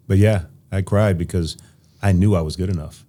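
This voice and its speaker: A man from Nebraska, a podcast guest, telling stories from his past in an animated way with an occasional laugh. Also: low voice, moderate pace. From Nebraska, USA. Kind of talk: casual interview storytelling.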